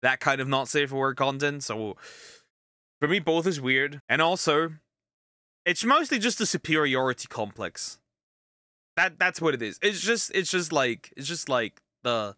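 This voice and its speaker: A man's voice: medium pitch, animated, unhurried, bright, forceful tone, clean tone, no room sound, studio quality. A man streaming casual reaction commentary on clips, rambling and repeating himself as he laughs at his own jokes.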